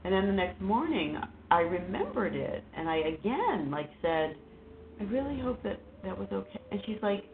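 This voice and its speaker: A woman guest talking casually and haltingly about her life, with many fillers and restarts. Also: medium pitch, sing-song. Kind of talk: casual personal conversation. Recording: phone-like line with faint noise.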